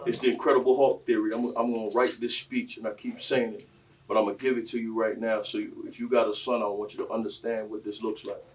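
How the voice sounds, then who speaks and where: A man, telling stories on a panel in a preachy, impassioned way that swings between quiet and loud. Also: lowish voice, little pitch movement, fast talker, far from the mic. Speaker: panel speaker.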